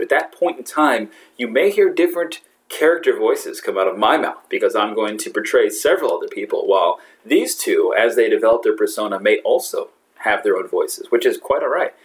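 A man runs a tabletop game as its game master. His voice sits at an ordinary middle pitch, and he talks in loose, rambling stretches, often restarting his sentences and breaking into laughs. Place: brewery.

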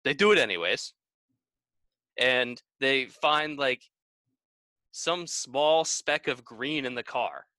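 A man in a casual chat, telling a story in a relaxed way and saying "like" often. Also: mid-range voice, slow, pauses often, dry recording.

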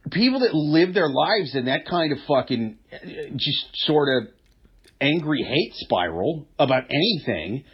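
A man's voice: a little high, slightly rough, lo-fi sound. A man in his mid thirties, talking casually and profanely, with a lot of emphasis. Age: 30s. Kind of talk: casual chat.

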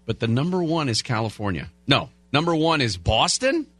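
A man's voice: medium pitch, big pitch swings, moderate pace, fairly bright tone, no echo. A man hosting a talk radio show, chatting casually and reading headlines with rambling asides. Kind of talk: talk radio chat and news rundown. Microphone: studio broadcast mic.

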